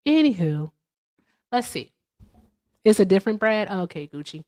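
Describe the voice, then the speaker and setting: A woman hosts a casual livestream and talks straight to her viewers in the comments. Her pitch swings widely as she riffs, and she swears freely. Her voice sounds dry and close, with no room echo. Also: very animated, normal speed, a little mellow. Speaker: livestream host.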